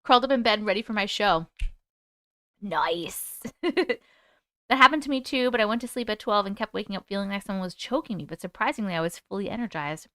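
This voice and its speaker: A woman hosting a live stream, reading viewer comments aloud and greeting people in a bubbly, chatty way with a high, squeaky voice. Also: animated, a little fast, bright, forceful tone, no room sound, clean studio sound. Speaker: host reading live chat. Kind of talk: casual live-stream chat.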